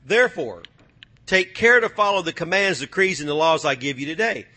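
High, bright husky-voiced preacher man. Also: expressive, brisk. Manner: preaching with call-and-response, swinging from soft to loud; folksy, drawls phrases like y'all and ain't. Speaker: pastor. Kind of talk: sermon.

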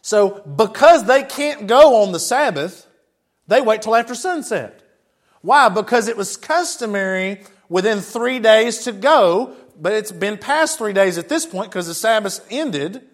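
A man's voice: sits high, expressive, measured pace. A man preaching a sermon, reading scripture aloud and breaking off for chatty, conversational asides to his congregation.

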